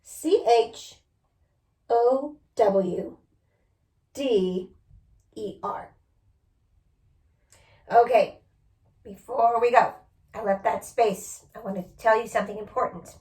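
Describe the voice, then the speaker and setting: A rather high-voiced woman teacher leads a children's spelling lesson, sounding out each word slowly and patiently, letter by letter. Her voice rings around an echoey room. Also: darkish tone.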